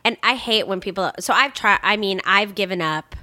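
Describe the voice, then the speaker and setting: A woman's voice: mid-range voice, normal speed, bright, forceful tone, no echo. A young woman with a Chicago accent, a podcast guest who jokes bluntly and swears freely. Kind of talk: casual chat.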